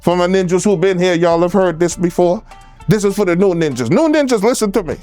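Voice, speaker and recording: A man's voice: high voice, expressive, brisk, warm tone, soft background music. A man hosting a reaction commentary, lecturing his viewers in a preachy, direct way. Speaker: commentary host.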